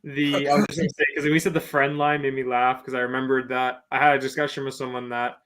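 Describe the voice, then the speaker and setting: A man co-hosting a casual podcast chat, easygoing and quick to laugh. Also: mid-range voice, little pitch movement, a bit bright. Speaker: podcast co-host.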